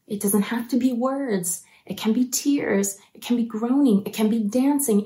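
Speaking at a medium pitch, this woman preaches earnestly and encouragingly. Now and then she lowers her voice almost to a whisper.

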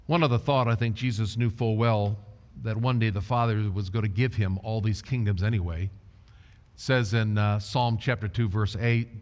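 Man preaching slowly in a reverberant hall. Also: on the low side, fairly even intonation, a little mellow. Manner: slow, deliberate preaching, quoting scripture. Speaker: pastor. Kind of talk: sermon.

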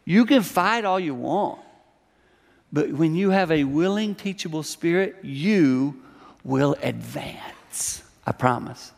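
A middle-aged man preaches to a congregation in a church hall. His voice sits a little high, and he talks in a conversational yet emphatic way, slipping into the voices of the people he quotes. A long reverb from the hall trails behind his words. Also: animated, slow pace, gravelly. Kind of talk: sermon.

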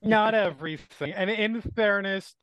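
A man's voice: sits high, measured pace, fairly bright tone, no echo, poor audio. A man playing in a tabletop game, talking in a wry, easygoing way. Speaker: player. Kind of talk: casual tabletop game talk.

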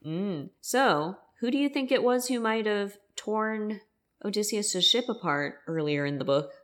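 A woman's voice: medium pitch, lively intonation, a little slow. A woman co-hosting a casual book discussion. She retells the story in a chatty, playful way with casual fillers.

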